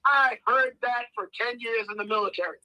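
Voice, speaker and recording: This American man in his 50s has a very high voice and talks a little fast. As a podcast guest he tells casual stories with animation, doing the voices of the characters, over a dry, poor-quality recording.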